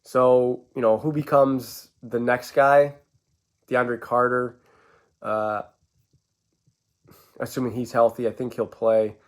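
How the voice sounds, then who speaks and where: A man rambles through a casual sports vlog, full of stammered restarts. His inflections swing up and down as he talks. He sounds like a fan thinking out loud. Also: mid-range voice, flat delivery, slow, pauses often.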